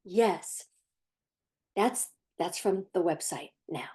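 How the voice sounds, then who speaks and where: A woman parent coach talking casually to the camera in a sarcastic, animated way, sometimes laughing as she speaks. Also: fairly low pitch, takes it slowly. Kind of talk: casual vlog commentary.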